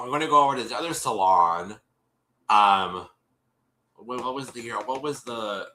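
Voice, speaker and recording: A man's voice: medium pitch, pushed and bright, reverberant, a little hiss or hum, poor audio. A man hosting a live stream, casually recapping a show in a rambling way, with many restarts and fillers. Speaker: host.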